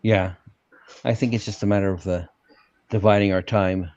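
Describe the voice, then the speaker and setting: Deep laid-back man chatting. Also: fairly even intonation, normal speed, a little mellow, no echo, lo-fi sound. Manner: laid-back storyteller, chuckles often. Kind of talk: casual chat.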